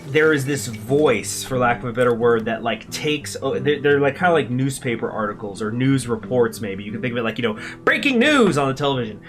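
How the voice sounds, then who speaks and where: A man hosting a gaming channel, talking excitedly and rambling with many restarts while he plays a strategy game. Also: mid-range voice, brisk, few pauses, music in the background. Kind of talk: live commentary while playing a strategy game.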